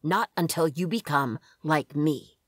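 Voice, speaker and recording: A man's voice: a little high, measured pace, fairly bright tone, dry recording, studio quality. A woman voicing a brooding, guarded young man who speaks in terse, clipped lines. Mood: cold.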